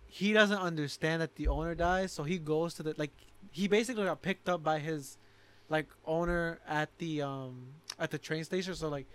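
Young male co-host, slightly high voice, slangy storyteller, filler-heavy casual delivery. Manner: slangy storyteller, says "like" often. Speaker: podcast co-host. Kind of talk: casual chat.

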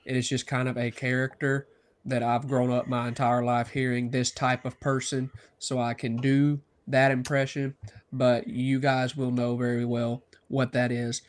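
A man's voice: mid-range voice, level tone, moderate pace. Man, podcast co-host, casual chat, upbeat, long-winded explanations, mid-range voice. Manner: upbeat, explains the rules at length.

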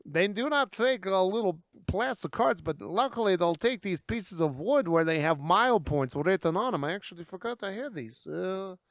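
A man with a high, very animated voice co-hosts an improvised comedy podcast, excitable and teasing. He is recorded close with a dry sound. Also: dry recording. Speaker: podcast co-host. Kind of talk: improvised comedy role-play.

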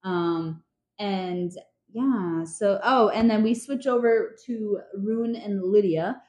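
A woman's voice: medium pitch, slow, mellow. A young woman casually recapping book chapters on a podcast, chatty and full of fillers, laughing often. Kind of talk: casual chat. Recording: echoey room.

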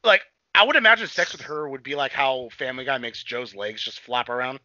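A young man talking fast in loose, profane podcast chat, recapping and putting on quick voices for characters. His voice sounds bright and forceful, dry and close, with a dull, lo-fi quality. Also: mid-range voice, no room sound. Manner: rambling, swears freely, acts out characters in quick voices. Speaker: podcast co-host.

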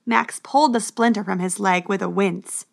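A woman narrating a storybook adventure in a steady, expressive way. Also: mid-range voice, normal speed, creaky.

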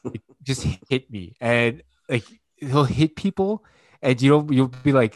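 A man's voice: medium pitch, unhurried, dry recording. A man in his thirties, a podcast co-host and father, telling loose, profane stories full of fillers. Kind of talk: casual chat.

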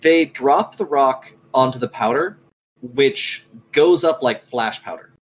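A man running a tabletop game as game master, narrating scenes in a measured, descriptive way. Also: mid-range voice, poor audio.

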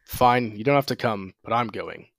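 A man's voice: on the low side, moderate pace, vocal fry, a bit bright, no room sound. A man voicing a sullen, withdrawn teenage boy student who talks in a terse, grudging way in a tabletop game.

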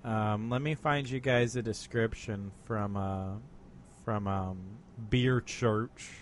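A man's voice: on the low side, steady tone, slow, a little hiss or hum. A young man co-hosting a casual beer review podcast, rambling, swearing casually and laughing between thoughts. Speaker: podcast co-host reviewing beers. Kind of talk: casual chat.

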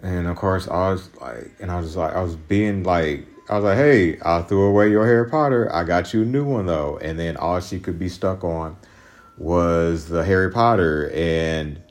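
A man's voice: low-pitched, normal speed. A man hosting a podcast alone, venting in a profane, rambling, agitated monologue about a breakup. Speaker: podcast host.

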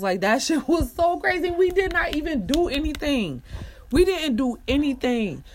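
Profane young woman telling a story. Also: fairly high pitch. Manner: profane, animated retelling with quoted voices. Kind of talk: casual storytelling.

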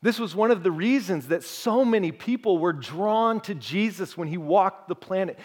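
Male pastor, high-ish voice, conversational sermon delivery, talks straight to the congregation. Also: lively intonation, normal speed.

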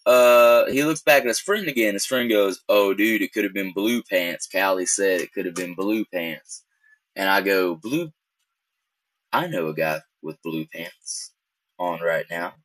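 A young man tells a rambling story in a casual way, acting out the back-and-forth as he talks. His voice sits low and sounds bright and forceful. It is recorded dry and close. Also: a little slow, no echo. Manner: rambling, animated, acts out quoted exchanges. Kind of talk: casual anecdote.

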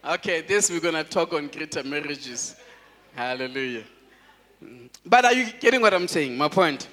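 A man, a pastor, preaching a sermon in an animated way, laughing often and calling out to his congregation. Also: on the high side, moderate pace, long reverb tail.

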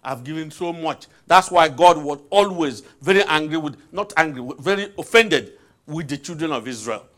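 Man, preacher, sermon, lively rising and falling voice, questions to the congregation, repeats phrases. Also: on the high side, normal speed.

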